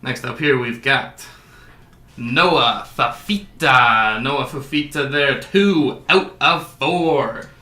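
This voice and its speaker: A man's voice: medium pitch, takes it slowly, pushed and bright, reverberant. A man hosting a sports card break, calling out each card and adding jokey asides. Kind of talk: casual card-opening commentary.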